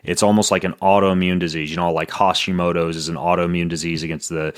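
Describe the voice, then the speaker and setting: A man's voice: low-pitched, level tone, dry recording, studio quality. A man hosting a podcast, chatting casually and joking his way through ad reads and health answers. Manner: playful, quick, jokey. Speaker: podcast host.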